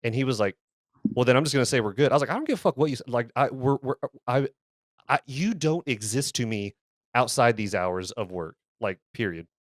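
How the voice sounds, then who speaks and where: A man's voice: medium pitch, expressive, fairly quick, no echo, clean studio sound. A man co-hosting a podcast, telling a workplace story casually, swearing often and restarting and repeating his words as he gets worked up. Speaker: podcast co-host.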